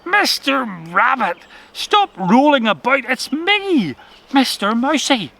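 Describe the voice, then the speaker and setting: Little hero mouse, brisk and urgent, done by a male reader; bright, lively delivery. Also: very high voice, creaky, voice pushed up, full character voice. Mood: reassuring.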